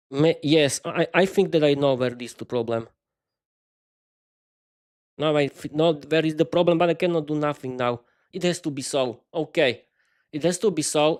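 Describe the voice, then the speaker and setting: A man with a slightly higher than usual voice rambles casually to his live-stream viewers. He stumbles and restarts his sentences often, stuttering through his words, and speaks into a desk microphone in a small home studio. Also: darkish tone. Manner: hesitant, stuttering, many restarts; chatty, talks to viewers while fiddling with lighting. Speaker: podcast host.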